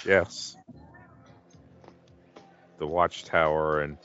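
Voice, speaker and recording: A man's voice: rumbling low, flat delivery, extremely slow, fairly bright tone, smooth, highs cut off, faint music behind. A man co-hosting a casual movie commentary, making wry, laughing asides. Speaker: podcast co-host.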